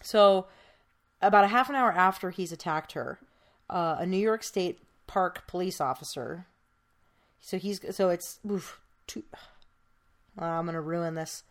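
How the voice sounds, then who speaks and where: A woman's voice: fairly low pitch, measured pace, long pauses. A woman podcast host telling a true crime case in casual, chatty storytelling, with many fillers.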